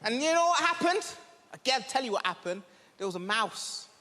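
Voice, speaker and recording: A man tells a stand-up story on a big theatre stage, his high voice jumping around as he acts out the other people. Long reverb hangs on every line, and the laughter of the crowd comes through clearly. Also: brisk. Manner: animated storytelling with acted-out voices. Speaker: stand-up comedian. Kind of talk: stand-up routine. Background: audience laughter.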